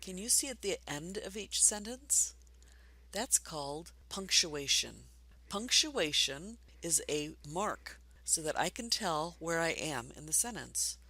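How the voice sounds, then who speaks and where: A woman leads a beginners' reading lesson at a very slow, deliberate pace. Her voice is bright but gravelly and slightly husky, and she keeps an encouraging, patient tone. The sound is dry and close. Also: sits low, lively intonation. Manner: encouraging, speaks slowly and clearly to beginners. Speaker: adult literacy teacher.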